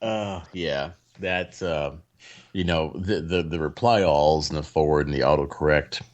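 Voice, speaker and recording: A man with a very low voice chats on a podcast. His talk is halting, full of "uh" and restarts as he circles his point. He stays casual and conversational. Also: muffled recording. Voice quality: halting, many restarts and fillers. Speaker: podcast co-host. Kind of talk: casual chat.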